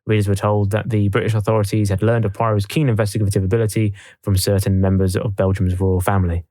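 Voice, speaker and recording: A man's voice: fairly low pitch, little pitch movement, fast talker, warm tone, no echo. A man co-hosting a podcast, reading from notes in a dry, casual way. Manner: reads from notes, dry, laughs easily. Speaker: podcast co-host.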